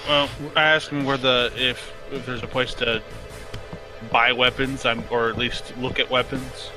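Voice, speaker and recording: Male player, middle pitch, hesitant, clear music under. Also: level tone, a little slow, rough recording. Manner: hesitant, with fillers. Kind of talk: casual tabletop game chat.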